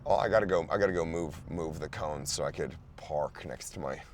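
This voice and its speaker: A man's voice: a bass voice, fairly quick, a little hiss or hum. A young man from the Philadelphia area hosting a comedy podcast, ranting loosely about a movie with lots of fillers and restarts. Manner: loose, rambling, lots of fillers and restarts, sudden loud outbursts. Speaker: podcast host. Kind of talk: rambling comedic movie rant.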